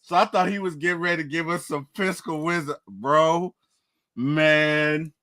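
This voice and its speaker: A man co-hosting a casual sports talk show, animated and quick to break into laughter. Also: no echo. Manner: animated, bursts into high-pitched laughter. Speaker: sports podcast co-host.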